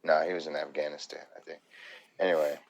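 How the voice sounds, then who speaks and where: A man's voice: extremely low pitch, flat delivery, quick pace, dull audio. A man co-hosting a podcast, telling profane stories in casual chat and laughing a lot. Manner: profane, storytelling, laughs a lot, mimics people in quotes. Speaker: podcast co-host.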